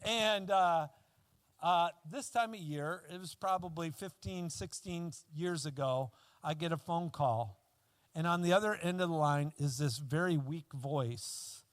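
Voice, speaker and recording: A male pastor preaching a sermon in a relaxed, conversational storytelling way, full of fillers and restarts. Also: fairly high pitch, measured pace, clean tone, dry recording.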